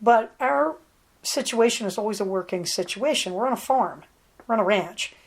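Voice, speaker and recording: A chatty woman spins a long, rambling story for her podcast, now and then breaking off for an aside to her dog at home. Her voice sits at an ordinary middle pitch, and she talks in a relaxed way. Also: normal speed. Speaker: podcast host. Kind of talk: casual storytelling monologue. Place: at home on a ranch.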